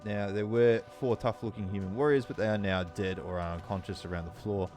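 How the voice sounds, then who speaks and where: A man narrating as dungeon master in a tabletop game, describing scenes in an unhurried way with frequent ums. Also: on the low side, fairly even intonation, darkish tone, faint music behind.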